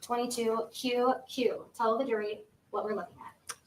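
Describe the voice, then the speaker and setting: A woman's voice: fairly high pitch, little pitch movement, normal speed, slight background noise, poor audio. A woman prosecutor questioning a witness in a courtroom, formal and methodical as she goes through the exhibits. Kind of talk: courtroom examination.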